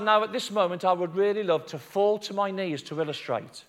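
A middle-aged man preaching a sermon, telling a story with big dramatic swings between loud and hushed, with self-deprecating asides. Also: high voice, fairly quick. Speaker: pastor.

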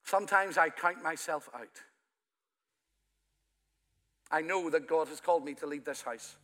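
Bright-voiced Irish-born preacher, soaring and hushed. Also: male voice, on the high side, a little slow. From Ireland. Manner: impassioned preaching, swelling loud then dropping soft. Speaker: pastor. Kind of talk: sermon. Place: church. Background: soft music from the church band.

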